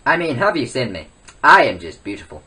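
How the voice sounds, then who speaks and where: A man's voice: mid-range voice, big pitch swings, a little fast, bright, forceful tone, breathy edge, far from the mic. A young man ranting in a mock-serious comedy vlog, rambling and boastful with lots of self-interruptions. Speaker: comedy vlogger. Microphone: webcam.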